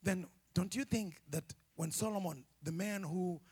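A man preaching a sermon as pastor, animated and humorous, often shouting and laughing. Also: high voice, a little slow, slightly rough. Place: church.

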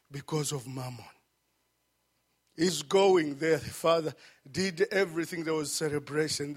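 High-voiced, slow-preaching man. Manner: swings between shouted peaks and hushed low passages; repeats phrases for emphasis. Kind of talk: sermon.

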